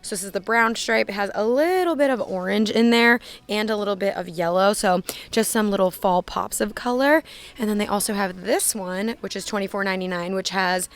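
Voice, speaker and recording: This is a young woman with a voice of ordinary pitch, chatting casually as she films a walkthrough of a store. Her talk is loose and full of "like", and she reads out prices as she goes. It sounds like a phone recording made inside a large store. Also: brisk. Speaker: shopping vlogger.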